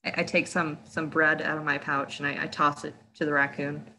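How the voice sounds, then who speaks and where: Low-voiced woman playing a tabletop game. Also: flat delivery, fairly quick, sharp tone, slight background noise, poor audio. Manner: casual, blunt, swears. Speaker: player. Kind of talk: tabletop role-play.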